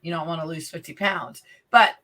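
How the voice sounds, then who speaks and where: A woman in her fifties co-hosting a casual chat, playful and teasing, with quick asides. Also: sits low, steady tone, pushed and bright, a little hiss or hum. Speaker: podcast co-host and life coach.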